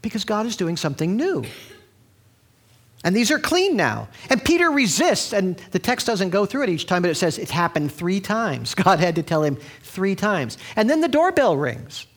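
A man preaching a sermon in a conversational, storytelling way, with frequent restarts. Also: normal speed. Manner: animated, sweeping pitch.

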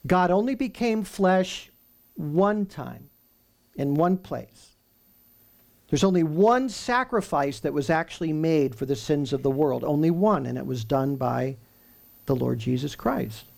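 A man preaching a sermon, emphatic, with rhetorical questions and slowly stressed lists. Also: fairly high pitch, creaky, a little mellow.

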